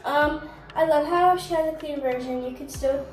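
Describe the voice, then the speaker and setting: A woman's voice: high-pitched, normal speed, darkish tone. A young woman chatting casually with her mother, sassy and teasing. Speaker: vlogger's daughter. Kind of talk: casual chat. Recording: echoey room, far from mic, music behind.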